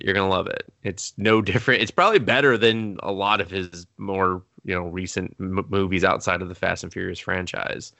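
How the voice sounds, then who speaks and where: Man, bright voice, fairly low pitch, dry close sound, loose profane casual chat. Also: no echo. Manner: loose, profane, quick asides. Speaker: podcast co-host.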